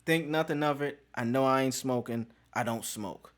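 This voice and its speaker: A man's voice: medium pitch, normal speed. A man hosting a podcast, telling a story in casual street slang with plenty of profanity. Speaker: podcast host.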